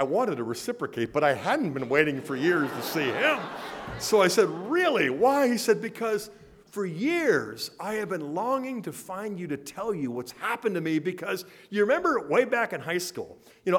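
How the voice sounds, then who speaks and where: Animated man lecturing in a reverberant hall. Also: fairly high pitch. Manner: animated, acts out both sides of a conversation. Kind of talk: storytelling lecture.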